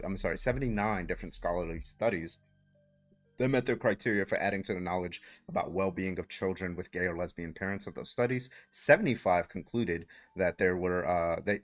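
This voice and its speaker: Deep-voiced man hosting a heated debate. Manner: cites studies, repeats questions insistently, mocking. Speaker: livestream debate host.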